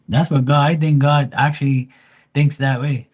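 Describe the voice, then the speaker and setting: A man's voice: mid-range voice, little pitch movement, moderate pace, slightly rough. A man from Bermuda hosting a live tarot stream, ranting bluntly and profanely in casual chat.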